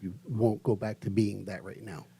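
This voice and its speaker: A man talking in an easygoing, soft-spoken way as a player in a tabletop role-play. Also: fairly low pitch, steady tone, moderate pace, vocal fry, husky.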